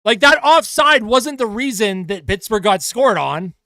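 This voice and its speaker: A man's voice: high-pitched, lively intonation, a little slow, sharp tone, dry recording, studio quality. A man streaming live fan reaction and play-by-play commentary, swearing and ranting about calls. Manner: exasperated, swearing, rants at calls.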